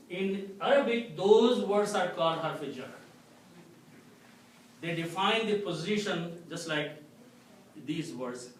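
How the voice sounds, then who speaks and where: A man teaching an Arabic grammar lesson to a class, explaining slowly and checking with a frequent "okay?". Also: fairly high pitch. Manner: slow, explanatory, repeats "okay?" to check understanding. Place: mosque classroom. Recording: echoey room, distant mic, faint noise.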